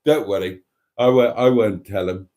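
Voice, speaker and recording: A man's voice: lowish voice, moderate pace, dark tone. A man with a Welsh accent hosting a casual live stream, chatty and self-mocking, laughing often.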